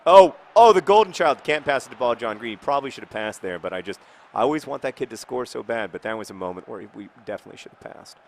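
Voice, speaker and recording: Man at mid pitch, casual let's-play commentator, dry sarcastic rambles, faint hiss behind him. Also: animated, quick pace, gravelly. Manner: rambling, wry, mock-outraged asides. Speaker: video game player and commentator.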